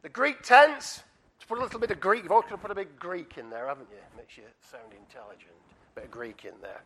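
A man preaching a sermon and telling a story with animated asides to the congregation. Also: high voice, fast talker, husky.

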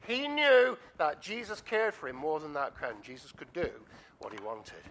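Male preacher, sermon, bright voice, very animated delivery. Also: a little high, normal speed, slight background noise. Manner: animated storytelling, acting out scenes, asides to the congregation.

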